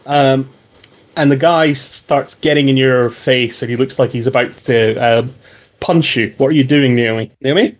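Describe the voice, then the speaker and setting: Male game master, mid pitch, halting and filler-heavy narration, muffled lo-fi audio. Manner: halting, lots of fillers and restarts, chuckling. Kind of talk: narrating a tabletop role-playing game.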